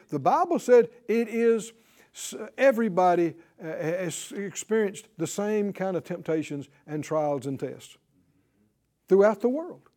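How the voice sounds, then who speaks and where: Middle-aged male preacher, high-pitched and highly animated, chuckles a lot and swings from hushed to loud. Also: unhurried. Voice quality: lively, swooping delivery that drops low and quiet then bursts loud and high. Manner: chuckles through his lines, mimics whiny voices, pleads and exhorts. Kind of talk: sermon.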